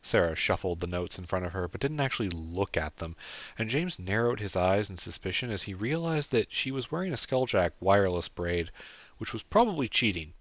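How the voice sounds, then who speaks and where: A man's voice: low-pitched, sing-song, fairly quick, a bit bright, no echo. A man, the author himself, reading his own audiobook in a plain, understated way. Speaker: author and narrator. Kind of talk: audiobook narration. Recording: dull dry lo-fi recording.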